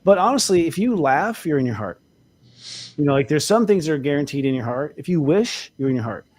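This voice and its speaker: A man's voice: fairly high pitch, sing-song, brisk, a little mellow. A man co-hosting a casual spiritual talk show, speaking candidly as an astrologer and laughing often. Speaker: co-host, astrologer.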